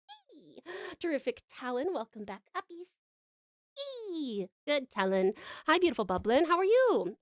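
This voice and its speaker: A woman's voice: high-pitched, a bit bright, no room sound, clean studio sound. A woman from Tasmania, chatting casually on a live stream, bubbly and affectionate with her viewers, giggling and swearing now and then. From Tasmania, Australia. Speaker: VTuber streamer.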